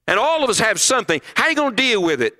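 A man's voice: sits high, big pitch swings, racing, pushed and bright. A middle-aged man preaching a sermon at a conference, emphatic and full of rhetorical questions.

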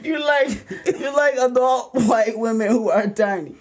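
High-voiced playful needling man. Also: measured pace. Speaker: podcast co-host. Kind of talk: casual chat.

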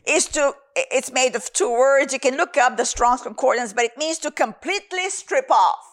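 High-voiced woman preaching emphatically. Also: normal speed. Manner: emphatic, repeats phrases for stress. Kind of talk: sermon teaching.

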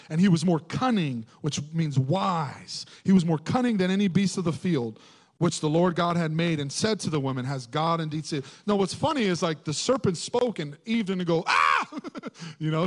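Lively high-voiced man preaching a sermon. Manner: animated, joking, acts out voices and laughs. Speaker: pastor.

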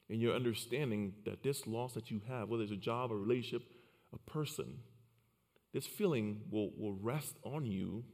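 A man from Liberia in his forties speaks with a low voice and earnest storytelling. He often repeats a word or two as he starts a thought. His voice has a long reverb around it, as if he is speaking in a large hall. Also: a little mellow. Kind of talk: personal storytelling talk.

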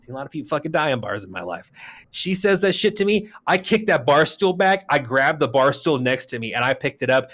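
A man from Arizona co-hosting a podcast, telling a story in casual chat with a profane, heated delivery that jumps to shouting. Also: on the high side, very animated, a little fast. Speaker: podcast co-host.

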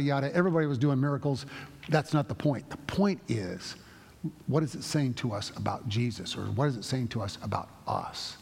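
A man preaching a sermon as a pastor, talking in a conversational, halting way with frequent restarts. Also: medium pitch, darkish tone, big-room sound.

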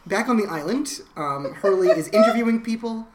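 A woman's voice: medium pitch, expressive, fairly quick, roomy sound, background noise. A woman co-hosting a podcast, talking casually with dry, wry remarks. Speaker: podcast co-host. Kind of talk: casual recap chat.

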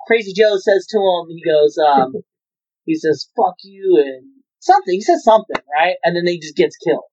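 A man's voice: high-pitched, dull audio. A man in casual movie chat, rambling and swearing freely as he retells scenes with energy.

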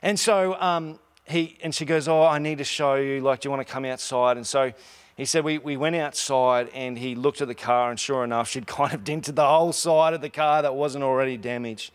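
A man preaching a conversational sermon, telling stories in a relaxed way with frequent restarts, and slowing down to stress key lines. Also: medium pitch, clean tone. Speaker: pastor.

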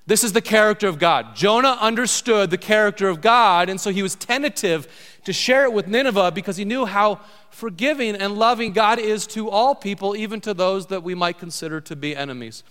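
A man's voice: sits high, fairly quick, a bit bright. A middle-aged man preaching a sermon as pastor, conversational, often asking his congregation questions. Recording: long hall reverb.

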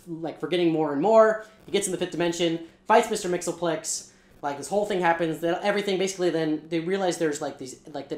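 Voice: mid-range voice, reverberant. A co-host of a comic book channel, retelling a comic plot in casual chat, rambling and cursing with lots of asides. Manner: rambling, profane, animated retelling with quick asides.

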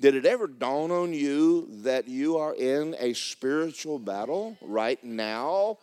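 A man preaching a sermon as pastor in a church, emphatic and repetitive, breaking into fervent shouted prayer. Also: fairly high pitch, expressive, measured pace, smooth.

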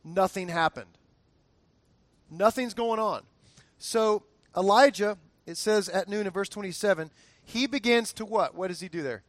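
A man delivers a sermon in a high voice, recorded dry and close. He is chatty and humorous, often tripping over and repeating his words, and asks the congregation to answer aloud. His delivery is animated and conversational. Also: a little slow, dry recording. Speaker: pastor.

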